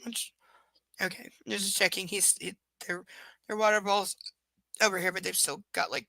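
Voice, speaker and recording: A woman's voice: medium pitch, moderate pace, creaky, sharp tone, dry recording, poor audio. A woman at home doing a live reading of a novel aloud, breaking off for wry, sarcastic asides. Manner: wry, sarcastic asides between read passages. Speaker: reader and host.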